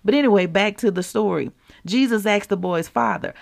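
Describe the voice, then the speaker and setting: A woman hosting a devotional show, reading scripture and teaching listeners in an animated, conversational way, calling them y'all. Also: mid-range voice, moderate pace, vocal fry. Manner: animated, laughs often, addresses listeners as y'all. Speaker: podcast host and preacher.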